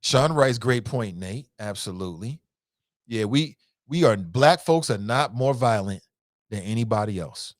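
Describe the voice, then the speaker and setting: A man hosting a casual call-in talk show, reading out listener comments and reacting with emphatic, animated commentary and frequent repetition. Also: lowish voice, unhurried, no room sound, clean studio sound. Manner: animated, emphatic, rises sharply when incredulous; conversational, repeats himself for emphasis.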